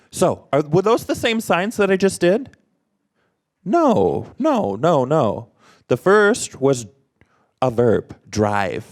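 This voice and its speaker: A man's voice: mid-range voice, darkish tone. A man voicing a presenter at an interactive workshop, quizzing the audience with short prompts and questions.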